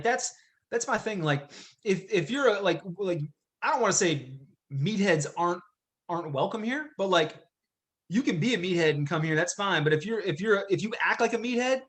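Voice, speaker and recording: A man talking as a guest in a casual podcast interview, upbeat and loose, with lots of "dude" and "like". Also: high voice. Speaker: gym owner and podcast guest.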